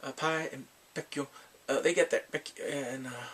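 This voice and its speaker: A man's voice: mid-range voice, fairly even intonation, moderate pace, fairly bright tone, husky. A man casually recapping drama episodes, rambling and filling his talk with "like" and acted-out quotes. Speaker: drama reviewer.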